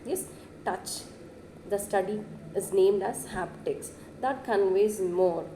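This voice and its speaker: A woman giving a classroom lecture, who keeps saying "yes" and pushes her pitch up to stress words. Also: slow pace, mellow, echoey room, a little hiss or hum, poor audio.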